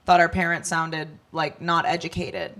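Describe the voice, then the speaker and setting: A woman from Boston co-hosting a comedy podcast, trading quick jokes and swearing casually. Her voice is bright and clear, sitting at an ordinary pitch for a woman. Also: little pitch movement. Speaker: podcast co-host.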